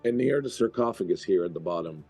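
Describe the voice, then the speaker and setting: A hoarse man who is losing his voice, narrating a tabletop game as dungeon master in slow, measured phrases. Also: low-pitched, animated, warm tone, faint music behind.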